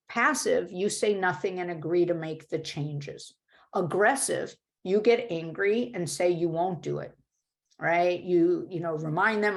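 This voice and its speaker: Low, gravelly woman teaching a webinar. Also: a little slow. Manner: explanatory, conversational, with frequent "right?" and "uh". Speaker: workshop presenter. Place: home or office video call.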